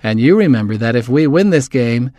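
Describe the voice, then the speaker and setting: A man reading as a teasing softball girl. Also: medium pitch, expressive, a little fast, no echo, lightly acted. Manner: playful, teasing. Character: teasing, good-humored girl softball player.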